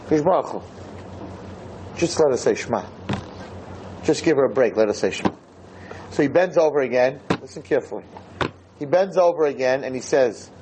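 Guy giving a torah talk, tells the story with lots of repeats, mellow dark voice, faint room hiss. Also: medium pitch, low-quality recording. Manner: animated storyteller, repeats phrases for emphasis. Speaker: lecturer. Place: lecture hall with listeners.

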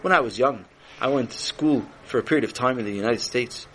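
A man's voice: medium pitch, fairly bright tone, a little hiss or hum, natural voice, poor audio. A man voicing a friendly, gracious foreign king who speaks in a formal, polite way. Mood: chatty. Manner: formal, courteous, with many pauses and restarts.

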